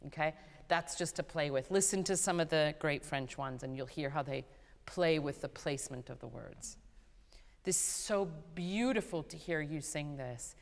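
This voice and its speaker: A woman teaching a vocal master class, animated and playful, who often sings short phrases to show what she means. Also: sits low, normal speed, gravelly. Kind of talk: coaching a singer in a master class. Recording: hall reverb, live concert hall.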